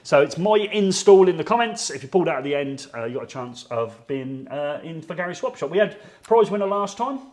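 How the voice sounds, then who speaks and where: A man's voice: a little high, very animated, fairly quick, few pauses, darkish tone. A man hosting a live stream, chatting casually and teasing his co-hosts with jokes. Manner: jokey, teasing banter.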